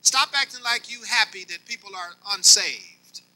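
High bright-voiced preaching man. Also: expressive, moderate pace, poor audio. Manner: preaching with swings between soft and loud; folksy, talks directly to the congregation. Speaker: pastor. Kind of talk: sermon.

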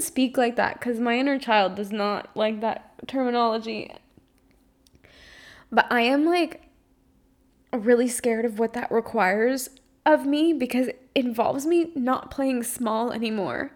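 A young woman with a voice on the high side takes her time as she hosts her own podcast. A spiritual coach, she speaks openly and at length about her fears in a candid solo monologue, searching for words and swearing freely in an emotionally confessional way.

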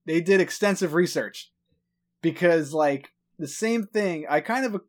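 Guy from long island, rambly and sweary, trips over his words, voice a bit high. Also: animated, measured pace. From New York, Long Island. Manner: rambling, stuttering, swears a lot. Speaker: podcast co-host. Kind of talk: casual chat.

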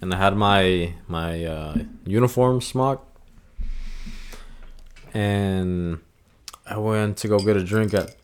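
Young male co-host, low voice, joking banter, faint background hiss. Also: slow, pauses often. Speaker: podcast co-host. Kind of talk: casual chat.

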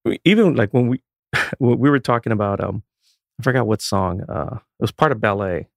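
A man, a guest musician, telling a story in casual chat, animated and acting out what others said. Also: mid-range voice, moderate pace, creaky, no echo, studio quality. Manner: animated, acts out quoted people, swears casually.

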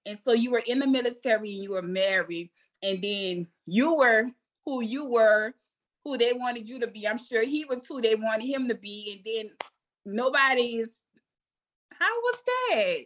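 A woman's voice: a little high, normal speed. A woman host with a New Orleans accent, interviewing with effusive, enthusiastic chatter. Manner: effusive, enthusiastic, calls guest girl and baby. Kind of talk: casual interview chat.

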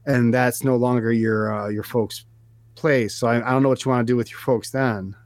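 A man's voice: medium pitch, fairly even intonation, normal speed, no room sound. A man making a prank phone call, hesitant and repetitive, with a falsely soothing tone. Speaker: prank caller host.

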